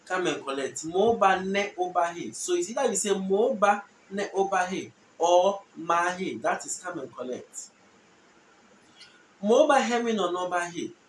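High-voiced man teaching phrases, echoey room. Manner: repeats phrases slowly for learners. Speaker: language teacher. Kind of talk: casual spoken language lesson. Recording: echoey room, distant mic, faint noise.

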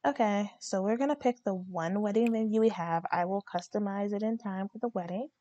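A woman's voice: mid-range voice, fairly quick, dark tone, dull audio. A young woman hosting a let's play, narrating her game in a chatty, slangy way. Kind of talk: casual game commentary.

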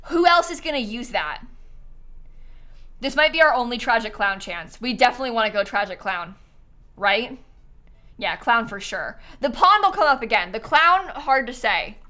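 A woman's voice: a little high, sharp tone. A young woman doing casual live-stream commentary as she tours viewer builds, bubbly and giggly, gushing over what she sees.

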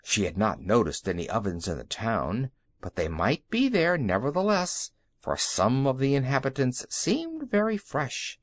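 A man reading a children's storybook aloud, expressive, his pitch moving a lot. The sound is dry and close to the mic. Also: unhurried, hardly any pauses, dry recording. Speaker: audiobook narrator. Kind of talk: children's audiobook narration.

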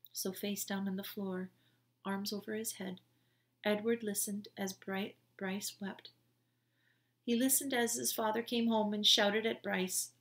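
A woman reading a children's chapter book aloud in a gentle, unhurried storytelling manner. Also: mid-range voice. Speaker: storybook reader. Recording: roomy echo.

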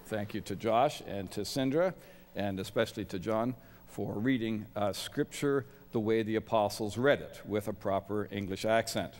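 A man's voice: on the low side, unhurried, pauses often, background noise. A middle-aged man giving a sermon as a guest chapel speaker, with wry, self-deprecating humor. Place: large college chapel. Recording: long reverb of a large chapel.

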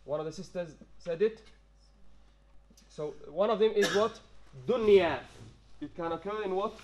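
A man with a high voice teaches a tajweed class in a classroom. He quizzes the room as he goes and keeps checking that the students follow. Arabic phrases run through his English. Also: measured pace. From London-based. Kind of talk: classroom lesson.

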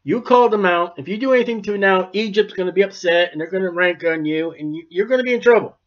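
A man's voice: high-pitched, fast, close to an everyday voice. A male preacher voicing a weary, exasperated male prophet who pleads with God in a plain, fed-up way. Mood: pleading. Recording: dull lo-fi recording.

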